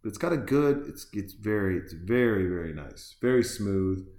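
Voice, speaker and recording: A man's voice: lowish voice, lively intonation, moderate pace, darkish tone. Rambling male podcast host in an echoey room. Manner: rambling and loose, with frequent fillers and restarts. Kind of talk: casual chat, reacting to a film while drinking beer.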